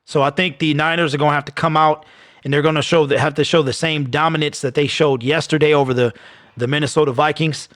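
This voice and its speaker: A man's voice: on the high side, fairly even intonation, fast talker, a bit bright, dry recording, clean studio sound. A man hosting a live football watch party stream, chatting casually and joking with viewers. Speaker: sports watch party host.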